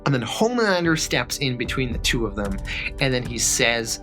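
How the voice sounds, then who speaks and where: A man's voice: medium pitch, very animated, moderate pace, bright, forceful tone, soft background music. A man casually retelling a comic book story, chaining events with "and then". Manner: loose, repeats "and then".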